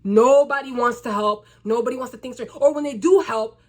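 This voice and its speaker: A woman's voice: on the high side, fairly quick. A young woman vlogger from the United States, ranting to camera in a loose, casual monologue. She is blunt and sarcastic, and she swears freely.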